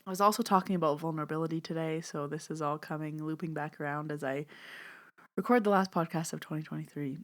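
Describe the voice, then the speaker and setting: A woman's voice: deep voice, fast talker. A woman hosting her own podcast, chatting through a reflective, heartfelt year-end recap as a medium and teacher.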